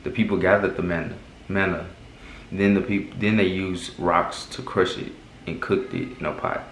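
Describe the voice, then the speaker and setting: A man's voice: low-pitched, flat delivery, moderate pace, echoey room, a little hiss or hum, poor audio. A man reading the Bible aloud at home, stumbling over words and rereading them. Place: second bedroom at home.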